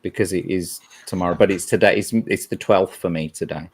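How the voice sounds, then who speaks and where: A man's voice: deep voice, a little fast, husky. A man hosting a casual podcast chat, joking, swearing and rambling loosely. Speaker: podcast host.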